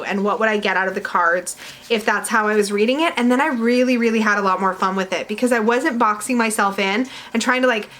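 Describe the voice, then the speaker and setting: A woman's voice: fairly high pitch, fairly bright tone. A woman in casual chat to camera, reviewing tarot decks at home, chatty and giggly, rambling with fillers. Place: home room with her dog nearby.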